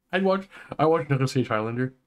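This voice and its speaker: A man co-hosting a casual online chat, ranting excitedly with many restarts and quick turns. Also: medium pitch, clear, resonant tone. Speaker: podcast co-host.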